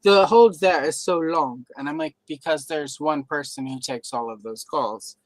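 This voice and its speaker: A man's voice: a little high, moderate pace, no echo. A man chatting casually on a live stream, telling workplace stories and acting out the voices of the people in them. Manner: animated storyteller who acts out quoted voices. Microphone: live stream microphone.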